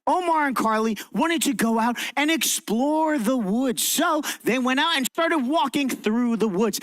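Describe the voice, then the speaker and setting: A young man presenting a lively, interactive children's science show and telling a story, encouraging the kids in the audience. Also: high-pitched, dry recording. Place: library event room.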